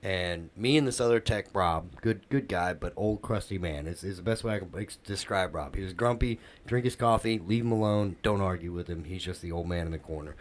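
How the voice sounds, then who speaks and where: Deep-voiced man telling a story. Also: brisk, hardly any pauses. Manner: animated storyteller, acts out quoted dialogue. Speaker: podcast co-host. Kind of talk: casual storytelling chat.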